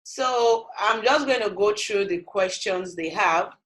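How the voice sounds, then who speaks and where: A woman's voice: medium pitch, measured pace, a bit bright, poor audio. A woman from Nigeria hosting an online interview on a video call, friendly and teasing. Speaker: interview host.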